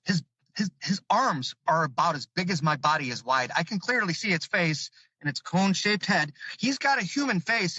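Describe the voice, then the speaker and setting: A man from Chicago, a call-in guest, telling a personal story with vivid excitement, his voice climbing high as he relives the fear. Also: dry recording, muffled recording.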